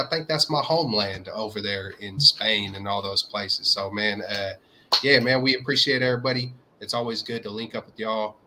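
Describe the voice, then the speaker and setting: A man co-hosting a fan talk show, with a slight Southern American twang and an energetic, slangy way of hyping up viewers. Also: lowish voice, a little hiss or hum. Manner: energetic, hypes viewers with shout-outs and slang. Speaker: podcast co-host. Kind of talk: casual chat.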